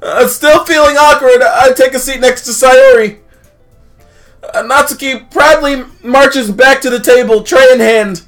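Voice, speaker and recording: A man's voice: very high-pitched, unhurried, a bit bright, faint music behind. A man narrating a visual novel on stream, rambling with many "uh"s and crude jokes. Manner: rambling, filler-heavy, jokey, self-interrupting. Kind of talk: comedic game read-through.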